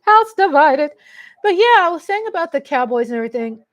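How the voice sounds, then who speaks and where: A woman's voice: sits high, sing-song, a little fast. A middle-aged woman hosting a livestream from home on a desk mic, chatting casually and rambling as she reads viewer comments and gets emotional. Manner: emotional, laughs often. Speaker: livestream host. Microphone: USB desk mic.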